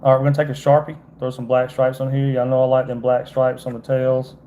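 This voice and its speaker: A man's voice: mid-range voice, monotone, quick pace, warm tone, slight background noise. A man from Georgia with a Southern accent, a fishing guide giving a casual, folksy fly-tying demonstration on a livestream and chatting to his viewers. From Georgia, USA. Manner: folksy, chatty, keeps calling viewers "y'all".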